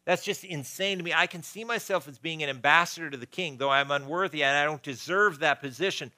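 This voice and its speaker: Male pastor, sermon, animated delivery, bright tone, dry sound. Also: a little high, a little fast, no room sound, poor audio. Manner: animated, swinging from loud emphasis to quiet.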